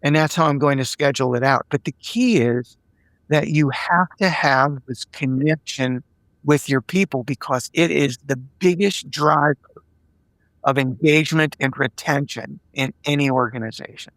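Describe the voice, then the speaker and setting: Animated storytelling man, dry close sound. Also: a little high, normal speed, no echo. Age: older. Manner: animated storyteller who acts out dialogue and repeats words. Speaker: executive coach and podcast guest. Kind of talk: conversational interview storytelling.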